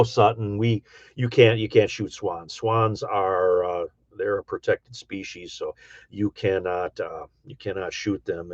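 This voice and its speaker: This is a middle-aged livestream host from the Upper Midwest, with a Michigan accent, casually and folksily rambling as he reads chat aloud, dropping many ums and uhs. His voice sits low, and the recording is dry, dull and lo-fi.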